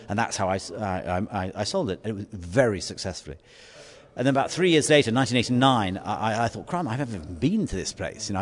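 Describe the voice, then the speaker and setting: Halting English man telling a story. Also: fairly low pitch. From England. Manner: halting, repeats words often, chuckles at own story. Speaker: interviewee. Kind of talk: conversational storytelling interview.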